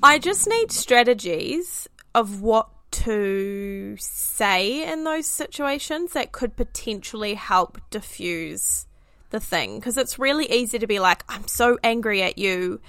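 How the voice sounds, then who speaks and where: A woman's voice: fairly high pitch, expressive, takes it slowly, fairly bright tone, dry recording. A woman with a New Zealand accent, co-hosting a parenting podcast and telling a story in casual chat full of fillers. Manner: chatty storytelling with frequent fillers and laughs. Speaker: podcast co-host, mother.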